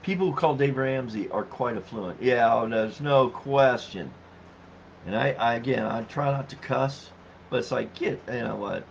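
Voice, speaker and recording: A man's voice: normal speed, gravelly. A man in his fifties hosting a casual livestream, chatting easily, laughing often and reading viewer comments aloud. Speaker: livestream host reading chat. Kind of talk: casual live-stream chat. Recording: dull low-fi stream audio with faint noise.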